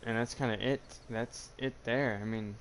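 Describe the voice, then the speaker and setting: A man talking casually in a personal vlog, halting and rambling with many restarts, earnest and confessional. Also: mid-range voice, fairly even intonation, a little hiss or hum. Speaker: YouTuber. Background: music playing.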